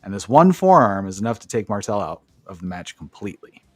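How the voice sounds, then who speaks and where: A lower-pitched man talks through a match recap with a casual, profane enthusiasm, jumping into play-by-play. His voice sits close and dry on the mic, with faint music somewhere underneath. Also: big pitch swings, fairly quick, no room sound. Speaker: podcast co-host.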